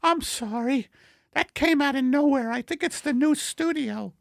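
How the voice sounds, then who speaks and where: A man voicing Margaret, a fussy, scolding middle-aged wife, in a high falsetto in an improvised comedy sketch. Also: a little slow, gravelly, no room sound, exaggerated voice. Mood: bickering. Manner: shrill, scolding falsetto, bursts into shouting. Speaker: comedy podcast co-host.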